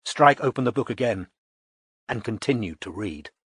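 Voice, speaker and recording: A man reading a novel aloud as an audiobook narrator, in a measured, even storytelling manner. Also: mid-range voice, breathy edge, no room sound, clean studio sound. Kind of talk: scripted narration.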